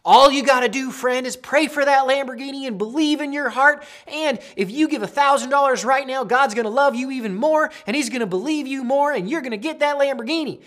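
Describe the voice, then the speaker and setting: A man voicing a greedy male Southern televangelist who pleads loudly for money in a put-on Southern accent. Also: brisk, hardly any pauses. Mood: hyped pitch. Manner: high, loud, pleading sales pitch.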